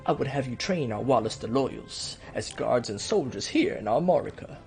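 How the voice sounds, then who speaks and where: A man voicing a pompous, scheming middle-aged duke in a game let's play, with a nasal, weaselly twang and formal, drawn-out courtly speech. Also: mid-range voice, expressive, gravelly, darkish tone, soft background music.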